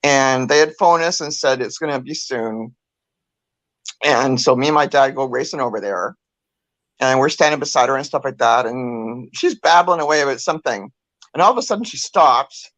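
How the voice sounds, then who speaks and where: A woman's voice: very deep voice, normal speed, no echo. An older woman co-hosting a casual talk show, telling stories and laughing often. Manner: animated storyteller, laughs often. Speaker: co-host. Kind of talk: casual chat.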